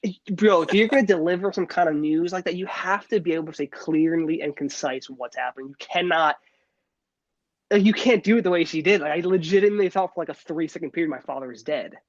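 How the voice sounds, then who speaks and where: A young man talks in quick bursts as a podcast co-host, tripping over restarts and fillers. His voice sits a little high, and the audio is dull and dry, like a lo-fi recording. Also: dry recording. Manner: rambling, many restarts and fillers. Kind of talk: casual chat.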